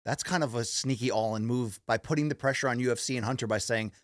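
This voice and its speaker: A man's voice: medium pitch, fast talker, no room sound. A man hosting a sports talk show in a studio, joking and teasing his co-host while steering the topics. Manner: joking, teasing, runs the rundown. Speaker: podcast co-host.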